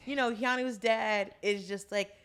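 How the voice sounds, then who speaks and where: A woman's voice: mid-range voice, a little slow, clean tone. A woman co-hosting a podcast, casually recapping a drama and acting out the characters' lines. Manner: animated storyteller, acts out characters' lines. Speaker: podcast co-host.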